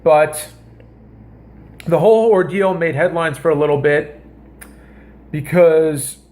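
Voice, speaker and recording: A man hosting a comedy vlog, telling a story in a rambling, animated way and often cutting himself off mid-sentence. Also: on the high side, slow pace. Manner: rambling, animated, self-interrupting. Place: home kitchen.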